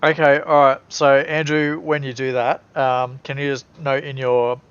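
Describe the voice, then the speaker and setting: Man, game master, casual tabletop chat, mid-pitched voice, dull lo-fi sound. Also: little pitch movement, moderate pace, clear, resonant tone. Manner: chatty, explains rules to viewers. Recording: dull lo-fi recording.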